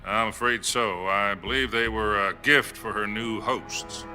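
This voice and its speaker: An actor playing a calm American president speaking in a measured, diplomatic way over game cutscene music. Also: male voice, on the low side. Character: calm male American president on a hotline call.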